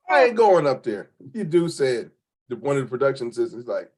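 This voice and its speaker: A man's voice: medium pitch, very animated, a little fast, a little mellow. A man from Cleveland, a spoken word poet, telling stories as an interview guest in a casual, colloquial way, acting out the voices of people he quotes. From Cleveland, Ohio.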